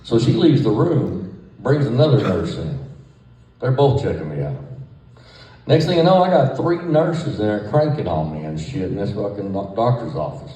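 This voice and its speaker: Deep, drawling man telling a tale. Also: sing-song, normal speed, dark tone. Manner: profane, drawling, laughing storyteller. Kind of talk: storytelling anecdote. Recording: roomy, far from the mic.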